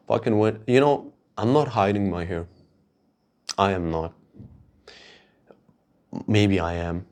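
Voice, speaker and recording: Profane low-voiced man telling a story. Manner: profane, rambling, with frequent restarts; gets loud and heated when ranting. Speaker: podcast host. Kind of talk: casual storytelling monologue.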